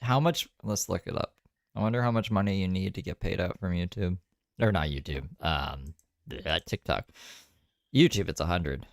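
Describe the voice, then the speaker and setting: A man's voice: low-pitched, normal speed, gravelly, dry recording, clean studio sound. A man chatting casually on a live stream, rambling and swearing with laughing asides. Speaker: streamer reacting to another creator's live.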